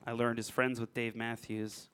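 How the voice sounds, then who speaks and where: Brief: male podcast host, playful and teasing, average pitch. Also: flat delivery, moderate pace, fairly bright tone, clean tone. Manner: joking, teasing, laughs often. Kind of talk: casual podcast banter.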